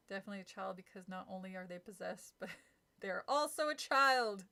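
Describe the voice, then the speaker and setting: A woman's voice: on the high side, bright, forceful tone. A woman streaming a casual read-aloud of a kids' horror book, chatty and giggly with frequent asides. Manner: giggly, chatty, breaks off to comment and laugh.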